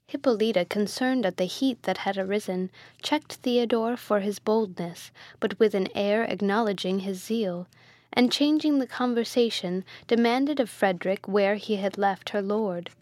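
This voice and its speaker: A woman reads a classic novel aloud in a measured, lightly dramatized way. Her voice sits in a middle pitch, and the recording is dry and close with no room sound. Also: a little mellow, dry recording. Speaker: audiobook reader. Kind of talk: scripted narration of a classic novel.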